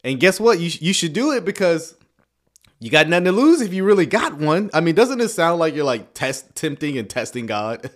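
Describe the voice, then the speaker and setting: A man's voice: fairly high pitch, sing-song, moderate pace. A man giving sarcastic reaction commentary on video clips, with chuckling asides.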